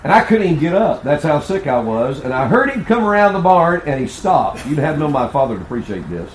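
A male preacher delivers a sermon full of folksy, humorous stories. His voice sits fairly high and swings up and down with animated energy. The sound carries the roomy echo of a large church hall. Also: a little fast, slight background noise. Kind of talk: sermon with humorous personal storytelling.

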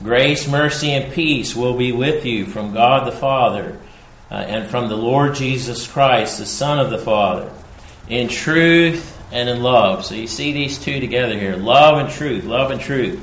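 Slow deliberate preacher guy, repeats his points, echoey room, faint hum behind. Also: medium pitch, fairly bright tone. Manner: slow and emphatic, repeating key phrases. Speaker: pastor. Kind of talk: sermon.

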